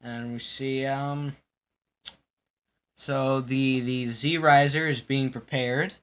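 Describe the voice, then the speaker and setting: A man's voice: medium pitch, steady tone, slow, fairly bright tone, clean tone. A young man hosting a casual chat stream, rambling and joking, often breaking into laughter. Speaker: stream host.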